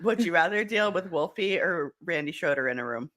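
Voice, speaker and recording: A woman guest on a casual video call, lively and joking as she talks. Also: on the low side, fairly quick.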